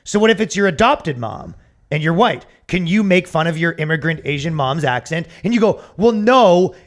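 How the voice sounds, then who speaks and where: A man's voice: on the high side, animated, a little fast. Rambling man on a comedy podcast. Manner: rambling, restarts, swears, acts out quotes. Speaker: podcast co-host. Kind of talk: casual comedy podcast chat.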